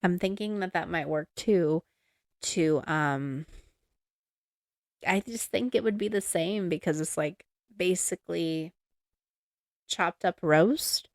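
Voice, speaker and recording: Slow, low-pitched chatty podcast woman. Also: dry recording, studio quality. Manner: chatty, apologetic, self-conscious about her mic. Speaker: podcast host. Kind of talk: casual recipe reading. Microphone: handheld mic, moved around.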